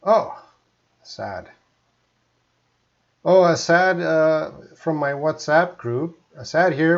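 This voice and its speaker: A man's voice: fairly high pitch, animated, drawn-out words, vocal fry, long pauses, lo-fi sound. Canadian man teaching an English lesson. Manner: chatty, reads viewer comments aloud. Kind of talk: live-streamed English lesson.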